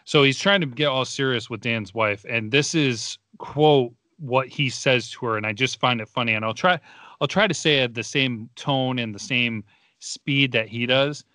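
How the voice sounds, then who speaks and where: Bright-voiced young man chatting about a movie. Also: mid-range voice, normal speed, dry recording. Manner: laid-back, rambling, laughs at the film. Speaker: podcast co-host. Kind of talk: casual movie review chat.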